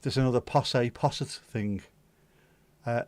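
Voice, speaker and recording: A man hosts a relaxed livestream, chatting and reading out viewer comments. He talks in a jokey, sweary, self-mocking way at a middle pitch. His voice sounds dry and close, as if recorded in a room at home. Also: unhurried, dry recording. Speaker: livestream host.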